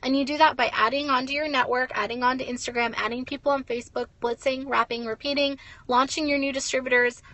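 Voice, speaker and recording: High bright-voiced ranting young woman. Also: steady tone, fast talker, hardly any pauses, no room sound. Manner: blunt, ranting, swears and says "like" a lot. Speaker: network marketing leader. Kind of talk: motivational talk to camera.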